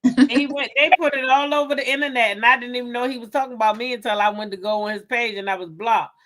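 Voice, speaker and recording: A sassy woman host with a bright, forward voice leads the casual chat. She banters playfully with her co-hosts. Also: on the high side, steady tone, fast talker. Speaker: talk show host.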